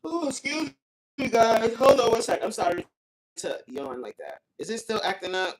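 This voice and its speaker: A woman's voice: on the high side, sing-song, moderate pace. A woman hosting a casual phone livestream, reading viewer comments aloud and grumbling about the stream cutting out. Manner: chatty, reads viewer comments aloud, complains about glitches. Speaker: livestream host reading chat.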